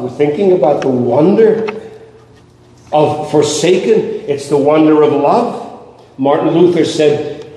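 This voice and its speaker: A man's voice: fairly high pitch, warm tone. A man preaching a sermon, impassioned and emphatic, in a church. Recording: echoey hall, voice from far off.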